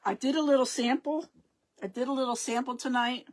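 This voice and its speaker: A middle-aged woman speaks fairly quickly in a high, steady-toned voice while hosting a casual live craft stream. She's chatty and rambling, greeting viewers and often searching for words.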